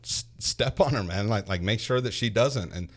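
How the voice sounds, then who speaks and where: A man who is a parent and youth baseball coach, telling stories in a casual chat, animated and repeating his words as he acts out quotes. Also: lowish voice, normal speed.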